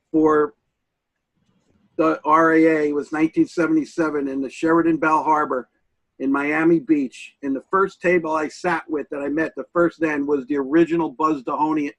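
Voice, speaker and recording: An older man, a guest on an interview show, telling folksy stories from his early working days at an unhurried pace, with many pauses. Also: a little high, fairly even intonation, dry recording, poor audio. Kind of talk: reminiscing interview talk.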